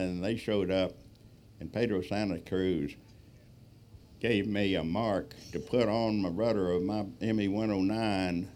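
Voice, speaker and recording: A man's voice: low-pitched, darkish tone, slight background noise. A man telling a rambling, folksy story from the stage as a guest speaker. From Texas. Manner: folksy, rambling, lots of fillers. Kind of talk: storytelling talk.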